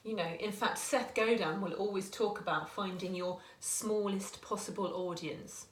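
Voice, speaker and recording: A woman's voice: medium pitch, normal speed, a little hiss or hum. A woman in her forties, a small business owner, giving earnest, chatty advice to camera and often restarting her sentences. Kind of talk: casual talking-to-camera advice. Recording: echoey room.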